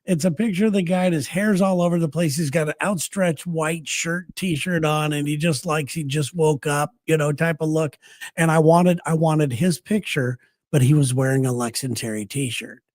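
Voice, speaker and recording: A man's voice: a little high, fairly even intonation, darkish tone, dry recording, studio quality. A man co-hosting a talk show, telling stories in casual chat and laughing often. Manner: laughs often, tells stories with quick asides. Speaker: radio host.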